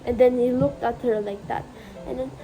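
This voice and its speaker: A woman student retelling a story in an oral exam, halting and often repeating herself. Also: a little high, steady tone, warm tone, soft background music, rough recording.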